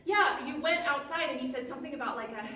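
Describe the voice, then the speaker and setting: A woman doing a puzzled, flat food critic. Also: very high-pitched, quick pace, pitched above the performer's own voice, heavily acted. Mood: vague. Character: unbothered male food critic. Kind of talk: improvised stage storytelling. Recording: echoey hall, mic far off.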